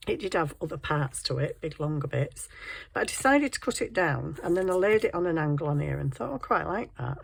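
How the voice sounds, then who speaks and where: A woman's voice: low voice, lively intonation, a little fast, vocal fry, husky, no echo. A woman with a scratchy throat, chatting casually about her crafting project and now and then addressing her cat. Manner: chatty, self-deprecating, talks to her cat. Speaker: crafting vlogger. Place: home craft desk.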